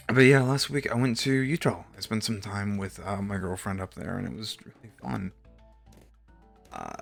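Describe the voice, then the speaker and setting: A young Texan man with a low-pitched voice and vocal fry chats casually while streaming a game. He tells a rambling story packed with fillers and offhand swearing.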